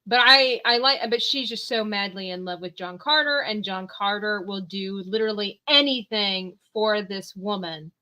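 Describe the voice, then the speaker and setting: Bright-voiced giggly woman host. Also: mid-range voice, normal speed, few pauses. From United States. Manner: giggly, chatty, teasing. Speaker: livestream host. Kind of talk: casual chat.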